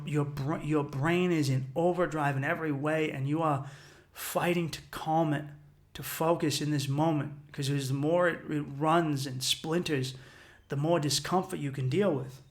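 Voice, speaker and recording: Telling a personal story on his solo podcast, this host in his thirties is intense and profane, performing the voices in his head. He speaks at normal speed, fairly high-pitched, with fairly even intonation.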